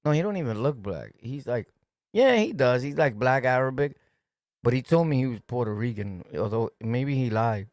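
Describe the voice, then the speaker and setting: A man from New York City with a New York accent hosts a casual commentary stream, talking to his livestream chat in a streetwise, repetitive, emphatic way. His mid-range voice moves at normal speed and is a little mellow. The studio-quality recording has no room sound.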